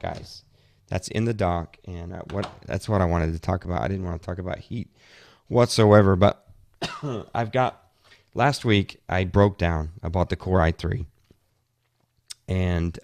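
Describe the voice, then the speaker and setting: A man's voice: low voice, darkish tone, no echo. A tired man chatting casually about his gadgets as a podcast host, rambling with frequent restarts. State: tired, yawning. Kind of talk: casual tech talk.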